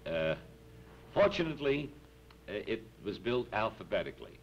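A man's voice: lowish voice, big pitch swings, normal speed, vocal fry. A man who is a comedic actor at a press interview, dry and joking, with a few fillers. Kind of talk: joking casual chat. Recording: dull, lightly noisy 1960s archive recording.

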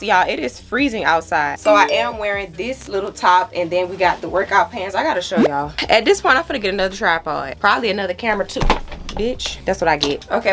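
A woman's voice: medium pitch, vocal fry, fairly bright tone. Brash, profane young woman vlogging. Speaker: YouTuber. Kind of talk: casual vlog chat. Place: home and gym.

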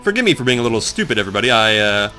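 A man in casual gameplay commentary, just up and groggy, rambling to his viewers and swearing as he gets lost and then excited. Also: on the low side, racing. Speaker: let's play commentator. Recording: faint game music behind.

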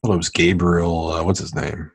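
Low raspy guy, mumbly laid-back movie chat, dry sound. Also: level tone, normal speed, no room sound. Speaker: podcast co-host. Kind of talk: casual movie commentary chat.

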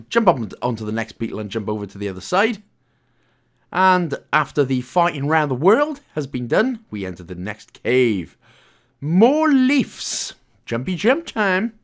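Lively Welsh man narrating a game. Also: fairly high pitch, moderate pace. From Wales. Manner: chatty, jokey, loose with asides and fillers. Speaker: game guide presenter. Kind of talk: casual gameplay walkthrough commentary.

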